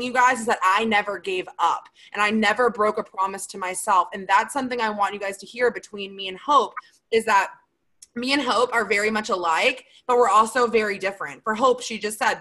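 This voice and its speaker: On a low-quality recording, a young sales team leader talks fairly quickly in a motivational Q&A livestream. Her mid-range voice is steady and sharp-toned, and her chatty, emphatic delivery is packed with "like" and "you guys."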